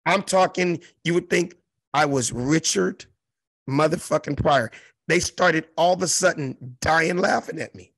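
A man in his fifties from South Central Los Angeles, a comedian telling a profane, animated story in an interview and acting out the other voices. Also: on the high side, measured pace, breathy edge, no echo. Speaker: comedian guest.

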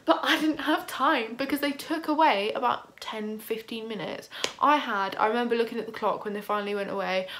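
A young woman vlogging, casually retelling a stressful experience in an animated way, full of "like" and acted-out quotes. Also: on the high side, a little hiss or hum. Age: young adult. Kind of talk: casual storytelling vlog.

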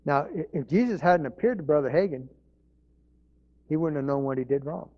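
A man's voice: on the high side, brisk, highs cut off. A pastor telling folksy stories in an informal sermon, chuckling and restarting his sentences.

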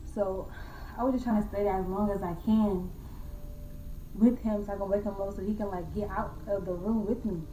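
A young woman casually telling a true ghost story to her viewers, slangy and animated, calling them y'all and acting out her own scared voice. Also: mid-range voice, moderate pace, far from the mic, a little hiss or hum. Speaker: vlogger. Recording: echoey room from off-mic.

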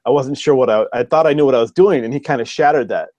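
A man's voice: mid-range voice, fast talker, a little mellow, dry recording, muffled recording. A man, a fiction writer, chatting as a podcast guest, telling stories with lots of ums and restarts. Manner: rambling, with frequent ums and restarts. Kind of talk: casual storytelling chat.

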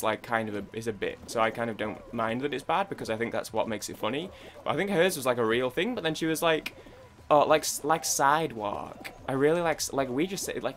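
A young British man, a gaming YouTuber, offers casual commentary while playing a game. His medium-pitched voice is a bit bright, and he rambles with lots of restarts and idle humming in his British English accent.

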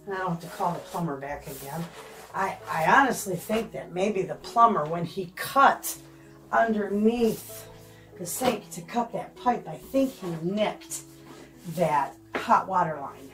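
A woman's voice: fairly low pitch, animated, unhurried, a bit bright, soft background music. An older woman vlogging casually from her home kitchen, chatting to her viewers as friends. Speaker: homestead vlogger.

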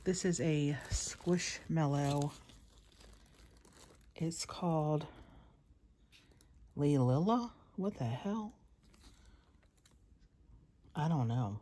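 A woman's voice: deep voice, very slow, long pauses, mellow, husky. A woman vlogging a shopping haul to her phone at home late at night, tired and out of breath, rambling and chatty with laughs in between. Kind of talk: casual chat to camera. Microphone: phone camera.

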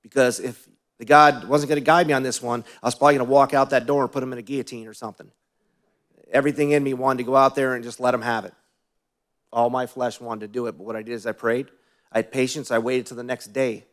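A man's voice: medium pitch, a bit bright. Conversational preaching man. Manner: conversational storytelling, asks the congregation questions. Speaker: pastor. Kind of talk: sermon.

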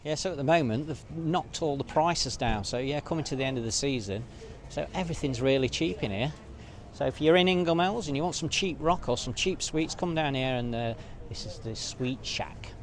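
A chatty man with a slightly high voice, vlogging casually to a handheld camera outdoors. He rambles with lots of filler words while faint street and traffic noise hums behind him. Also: animated, normal speed. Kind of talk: casual walking vlog. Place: outdoors at a seaside resort street.

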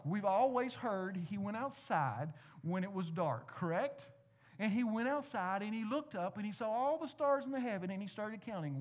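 Male pastor, sermon, conversational, playful asides, questions to congregation. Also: high voice.

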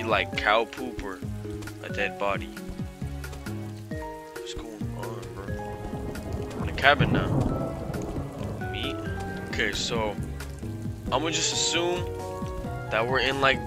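A young man giving casual, slangy play-by-play commentary on a horror game, often bemused and saying "bro". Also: on the low side. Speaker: gaming YouTuber. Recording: game music playing behind.

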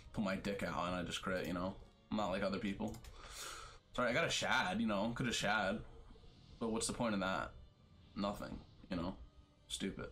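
A man with a fairly low voice narrates his online card game live, cursing freely and grumbling about every bad roll. His talk is loose and off the cuff, with faint game music running underneath. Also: bright, forceful tone. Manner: profane, trash-talking, complains about bad luck. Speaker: streamer playing a card battle game. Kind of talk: casual gameplay commentary.

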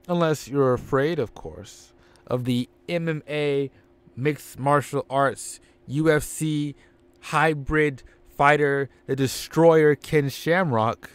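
A man voicing a smug, scheming male wrestling manager with pompous, drawn-out taunts. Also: a little high, clean tone.

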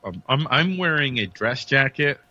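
Lively joking man, dry close sound. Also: mid-range voice, moderate pace, no echo, lo-fi sound. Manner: joking, mock British and Cockney accents. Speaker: co-host. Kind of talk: casual chat.

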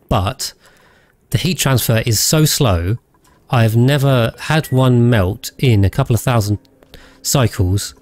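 A man's voice: medium pitch, a little mellow. A man rambling casually as he streams a game, thinking aloud and thanking his viewers. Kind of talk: casual gameplay livestream chat.

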